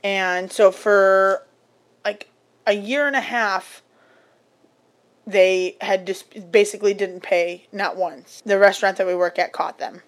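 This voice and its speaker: A woman's voice: mid-range voice, fairly even intonation, slow. A young woman chatting casually, telling rambling restaurant stories with swearing and lots of fillers. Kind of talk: casual podcast chat.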